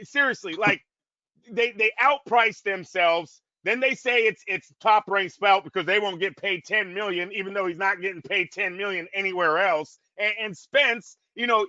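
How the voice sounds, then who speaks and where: A man's voice: sits high, normal speed, pushed and bright, no room sound. A man co-hosting a boxing podcast, ranting in heated, profane casual talk. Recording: dull, dry lo-fi audio.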